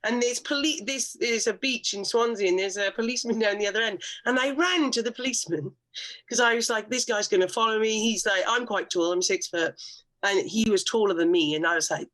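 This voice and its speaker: A woman's voice: medium pitch, a little fast, fairly bright tone, poor audio. A woman guest on a podcast, speaking candidly and telling personal stories in casual conversation, with frequent restarts and blunt swearing.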